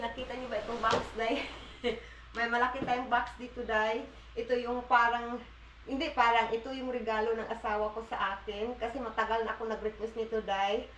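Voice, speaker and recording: A woman's voice: on the high side, little pitch movement, brisk, a bit bright, roomy sound, a little hiss or hum, rough recording. A woman with a Filipino accent, a family vlogger chatting casually with her viewers at home. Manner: chatty, mixes Filipino and English, calls viewers "Day". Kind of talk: casual vlog chat to viewers.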